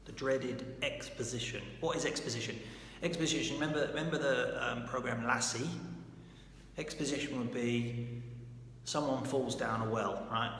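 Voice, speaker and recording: A writer gives a casual lesson on writing, talking informally and regularly checking in with "right?". His mid-range, fairly bright voice moves at normal speed, recorded in an echoey room with long reverb and faint background noise.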